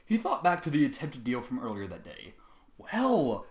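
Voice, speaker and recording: A man reading a fan fiction story aloud with expressive, dramatic delivery. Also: medium pitch, fairly quick, reverberant.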